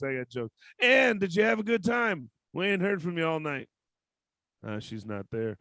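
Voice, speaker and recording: A man hosting a comedy show on a video call with loud, teasing, profane banter. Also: a little high, very animated, normal speed, dry recording. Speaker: show host.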